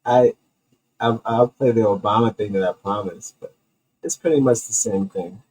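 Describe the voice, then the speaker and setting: A man's voice: fairly low pitch, moderate pace, darkish tone, slight background noise, poor audio. A man hosting his own comedy commentary show, ranting with heavy swearing and rambling restarts. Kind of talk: profane comedic rant.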